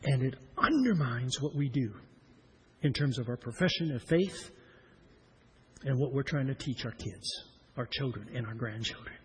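Husky-voiced man preaching with dramatic swings. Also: medium pitch, animated, normal speed, low-quality recording. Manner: dramatic, swings between loud emphasis and hushed lines. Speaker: pastor. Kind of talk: sermon.

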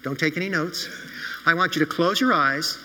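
A man telling a children's sermon story like a lively storyteller, often turning to ask his listeners questions. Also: fairly high pitch, normal speed, in a large hall. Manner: animated storyteller who asks his audience questions.

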